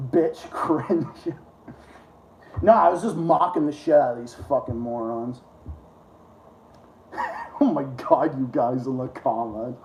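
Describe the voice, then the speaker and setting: A man's voice: mid-range voice, slow, pauses often, darkish tone, slight background noise. Profane, sarcastic ranting man. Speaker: live-stream host. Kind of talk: ranting live-stream chat. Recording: roomy echo.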